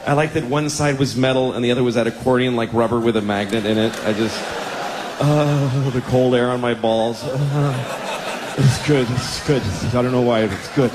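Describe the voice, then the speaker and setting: A man's voice: medium pitch, fairly even intonation, brisk, in a large hall, background noise. A man in his forties doing a stand-up routine, crude, rambling and self-deprecating. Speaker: stand-up comedian.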